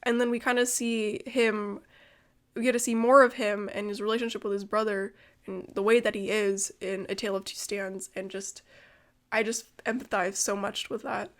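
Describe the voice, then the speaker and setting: A young woman co-hosting a podcast, chatting excitedly, swearing freely and laughing often. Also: medium pitch, normal speed. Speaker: podcast co-host. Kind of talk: casual chat.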